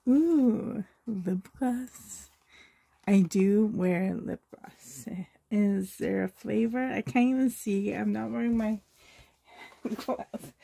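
A Canadian woman, a reborn doll collector vlogger, chats through an unboxing in a gushing, effusive way, laughing often while coughing slightly and growing teary. Her voice is medium-pitched, slow, dark, and husky, with vocal fry.

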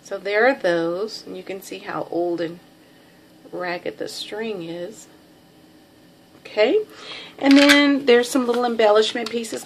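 A middle-aged woman with a Texan drawl talks through a handmade package in a rambling, friendly show-and-tell way. Her pitch sits at an ordinary middle for a woman, and her talk is full of ums and little asides. A faint hum of room noise sits behind her. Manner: chatty, rambling, self-deprecating, many ums. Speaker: craft seller showing a package.

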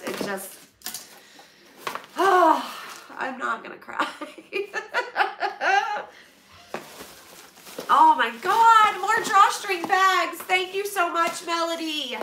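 A woman's voice: high voice, sharp tone. A woman hosting a casual live stream, gushing and emotional as she thanks her viewers. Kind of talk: casual live-stream chat while unboxing donations. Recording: roomy, far from the mic, noisy.

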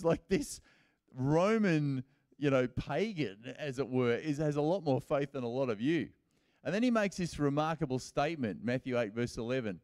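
Casual-talking male pastor, clear dry voice. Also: medium pitch, animated, unhurried, a little mellow, no room sound. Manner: casual and storytelling, acting out quoted lines in everyday speech. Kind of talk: conversational sermon. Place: church service.

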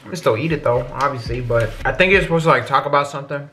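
A young man talking in a casual vlog, slangy and rambling, often getting animated. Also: mid-range voice, fast talker, faint music behind. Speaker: YouTuber. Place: car at a drive-thru, then indoors at home.

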